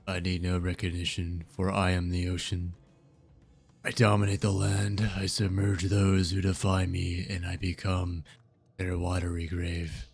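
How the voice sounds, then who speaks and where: A man voicing the ocean as a grandiose, all-powerful spirit in a deep, lowered voice while reading a dating game aloud. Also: completely flat delivery, measured pace, creaky, breathy edge, full character voice.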